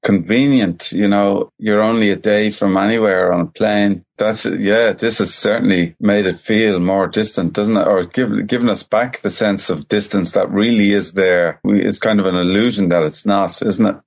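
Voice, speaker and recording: A middle-aged man from Ireland, a musician telling stories as a podcast guest, rambling and relaxed with many a "you know". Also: on the low side, moderate pace, hardly any pauses. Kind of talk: storytelling in an interview.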